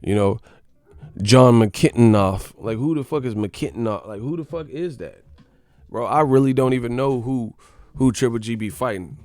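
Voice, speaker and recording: A man's voice: medium pitch, normal speed, darkish tone, no room sound, studio quality. Profane, mocking man ranting. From United States. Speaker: boxing commentator. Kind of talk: casual rant.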